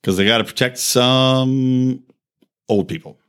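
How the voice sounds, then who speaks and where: A man's voice: medium pitch, unhurried, a bit bright, clean tone. A man hosting a podcast, delivering a heated, profane rant with emphatic, wide swings in his voice. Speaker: podcast host. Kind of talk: ranting monologue.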